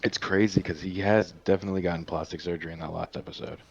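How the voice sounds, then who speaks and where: Deep-voiced laid-back man chatting. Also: steady tone, quick pace, dull audio. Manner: laid-back, joking, drops into mock impressions. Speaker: podcast co-host. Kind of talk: casual chat.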